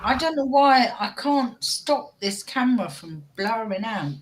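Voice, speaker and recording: A woman's voice: a little high, lively intonation, unhurried. A woman hosting a casual livestream chat, laughing often and teasing her friends. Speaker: livestream host.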